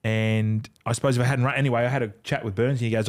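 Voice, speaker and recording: A middle-aged Australian man tells stories in a relaxed, rambling chat. His voice sits at an ordinary pitch, and he curses freely as he slips in and out of other people's lines. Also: quick pace. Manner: yarn-spinning, swears freely, acts out other people's lines. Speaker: podcast guest, former rugby league player. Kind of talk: casual storytelling chat.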